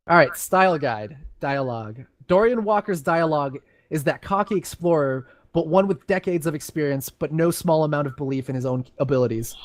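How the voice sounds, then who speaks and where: A man's voice: a little high, no echo. A young man reading game lore aloud on voice chat, breaking off for chatty, self-mocking asides. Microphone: headset on voice chat.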